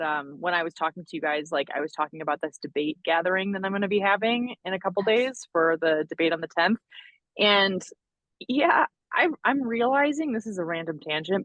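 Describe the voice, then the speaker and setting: A woman's voice: mid-range voice, fairly bright tone, no echo, highs cut off. A young adult woman co-hosting a podcast, telling stories animatedly with frequent laughs and self-deprecating asides. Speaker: podcast co-host. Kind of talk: casual chat.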